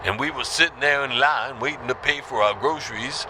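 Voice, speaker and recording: A man's voice: mid-range voice, a little fast, background noise, lightly acted. A man voicing a blunt, rambling male caller on a comedy radio show. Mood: brash. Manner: brash, rambling.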